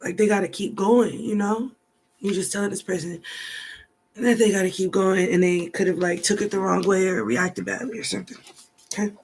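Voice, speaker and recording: A woman's voice: mid-range voice, steady tone, moderate pace, a little mellow, a little hiss or hum. A woman giving a rambling, chatty tarot card reading, thinking aloud as she goes. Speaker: tarot reader.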